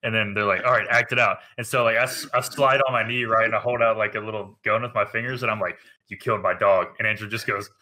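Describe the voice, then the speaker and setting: Bright-voiced man telling a story. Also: lowish voice, fast talker, few pauses. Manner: animated storyteller, acts out quotes. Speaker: podcast co-host. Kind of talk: casual chat.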